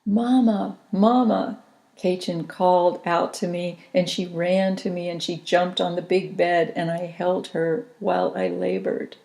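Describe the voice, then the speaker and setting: A woman reading her own memoir aloud as an audiobook, in a slow, intimate, reflective manner. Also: on the low side, gravelly, mellow.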